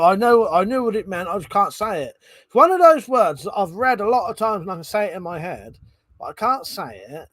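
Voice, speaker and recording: A man's voice: sits high, pushed and bright, dry recording. A drunk man hosting a live stream, rambling casually, swearing a lot and laughing often. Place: indoors at home.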